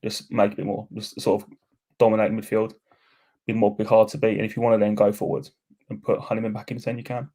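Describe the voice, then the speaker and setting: A man co-hosting a casual football podcast over a remote call, relaxed, rambling and cheeky. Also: fairly low pitch, quick pace. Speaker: podcast co-host.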